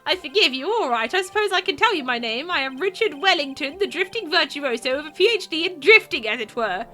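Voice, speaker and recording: A woman's voice: high-pitched, expressive, a little fast, sharp tone, voice pushed up. A woman voicing a pompous, posh young male drifter who talks at length with theatrical haughtiness in a game read-through. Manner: haughty, long-winded, theatrical.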